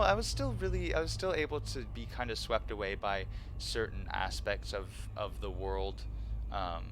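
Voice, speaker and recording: A man in his thirties chatting casually on a live stream, animated and laughing often with nerdy enthusiasm. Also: fairly low pitch, slight background noise.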